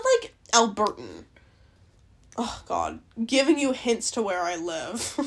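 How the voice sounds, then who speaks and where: A young Canadian woman hosting a podcast, rambling casually, swearing a lot and laughing often. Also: on the high side. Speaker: podcast host. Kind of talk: casual solo chat.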